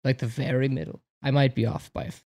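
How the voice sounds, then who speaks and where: A man's voice: medium pitch, fairly even intonation, quick pace, a little mellow. A man playing in a tabletop game, chatting casually and cracking jokes. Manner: joking, wisecracking. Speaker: player.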